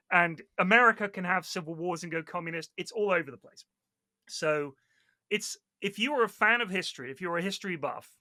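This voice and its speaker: Brief: man, podcast guest, high and very bright voice, dry close sound, swears freely. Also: dry recording. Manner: animated storyteller, swears a lot, mimics other players. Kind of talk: casual podcast chat.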